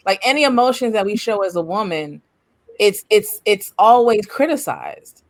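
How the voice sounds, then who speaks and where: A woman's voice: medium pitch, lively intonation, moderate pace. A woman on a podcast panel, talking emphatically and passionately, hammering home repeated rhetorical questions. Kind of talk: casual discussion.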